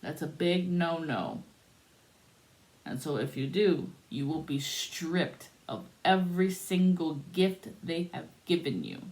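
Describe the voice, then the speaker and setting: A woman with a lowish voice tells a spiritual story at a very unhurried pace. She draws out her phrases with pauses between them, and her tone stays soothing throughout. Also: sing-song, a little mellow.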